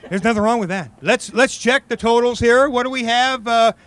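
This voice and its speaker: Bright high-voiced man calling a contest. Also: moderate pace. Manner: upbeat, laughing, mock sportscaster. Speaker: emcee of a contest. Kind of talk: playful play-by-play commentary.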